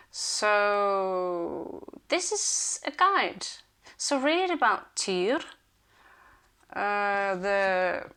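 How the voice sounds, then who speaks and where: A woman's voice: mid-range voice, gravelly, fairly bright tone, smooth. A woman hosting a casual rune reading, thinking aloud with many hesitations. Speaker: rune reader and channel host.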